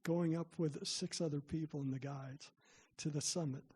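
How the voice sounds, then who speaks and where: A man's voice: fairly high pitch, steady tone, normal speed, a little mellow, husky. A middle-aged man giving a parent workshop, telling chatty, self-deprecating stories to the room. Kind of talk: storytelling talk to parents.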